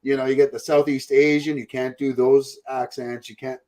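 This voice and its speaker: A man's voice: medium pitch, flat delivery, normal speed, darkish tone. A man hosting a podcast, chatting casually in a rambling, profane way. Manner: rambling, profane, puts on mocking voices. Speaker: podcast host. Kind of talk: casual chat.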